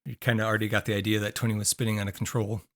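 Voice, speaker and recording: A man's voice: fairly low pitch, flat delivery, rapid-fire, fairly bright tone. A man co-hosting a podcast in casual chat, rambling with fillers while losing his voice. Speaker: podcast co-host.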